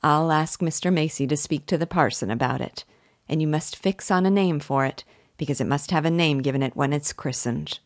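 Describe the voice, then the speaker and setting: A woman's voice: low-pitched, fairly quick, no echo, clean studio sound. Homely rustic village wife, read by a woman. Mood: pleased. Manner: rustic country dialect, homely and earnest. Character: kindly village wife, older woman, pious and chatty.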